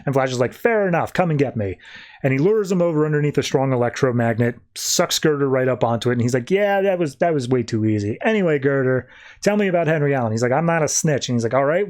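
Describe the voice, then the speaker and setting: A man casually recapping a comic on a podcast, slipping into quick, loose character voices as he retells each scene. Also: mid-range voice, a little mellow. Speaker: podcast co-host.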